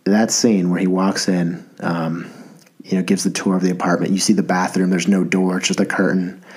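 Low husky man rambling on a podcast. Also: flat delivery, moderate pace, a little mellow. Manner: rambling, self-deprecating, enthusiastic. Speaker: podcast host. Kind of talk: casual podcast monologue.

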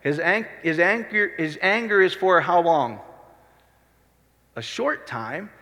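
A male pastor preaching a sermon in a conversational way, often rising to excited emphasis. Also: sits high, slow pace, in a large hall.

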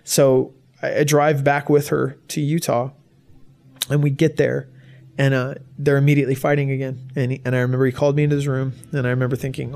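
A young adult man giving a personal testimony to an audience, halting and emotional, with many restarts. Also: medium pitch, little pitch movement, vocal fry, darkish tone. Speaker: guest speaker.

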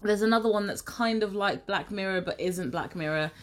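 A young woman co-hosting a podcast in casual chat, chatty and quick to correct herself. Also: medium pitch. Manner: chatty, self-correcting, giggly. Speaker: podcast co-host.

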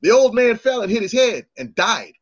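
A very high voice at a moderate pace comes through a dry, muffled recording. The speaker, a middle-aged man hosting a podcast, tells stories casually, animated, swearing freely, and putting on the voices of the people involved.

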